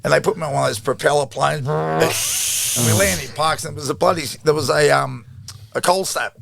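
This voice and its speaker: A man's voice: on the high side, creaky, a bit bright. A middle-aged Australian man telling stories in a casual interview, swearing freely and laughing as he goes. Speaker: guest, former rugby league player.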